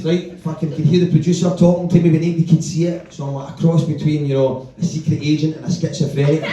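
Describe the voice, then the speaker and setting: A Glaswegian man performing a stand-up routine on a comedy club stage, with punchy, sweary, self-mocking storytelling. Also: high-pitched. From Glasgow. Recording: echoey live club, distant mic, audience laughter.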